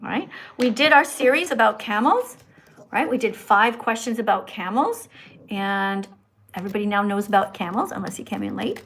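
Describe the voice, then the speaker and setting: A woman's voice: medium pitch, animated, normal speed, a bit bright. A woman hosting a live stream with callers, talking like a schoolteacher who instructs and scolds. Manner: says her own voice is annoying. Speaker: livestream host.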